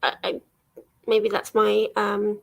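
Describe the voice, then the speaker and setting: Slow-talking chatty English young woman. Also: medium pitch, monotone, vocal fry. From England. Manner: chatty, rambling, lots of ums and little laughs. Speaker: book vlogger hosting a reading sprint. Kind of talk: casual chat to a livestream audience.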